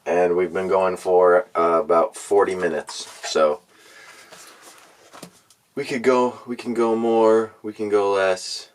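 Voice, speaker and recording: A man with a very low voice rambles mock-earnestly as co-host of a comedy podcast. He keeps the talk casual and a little meandering. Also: fairly even intonation, takes it slowly.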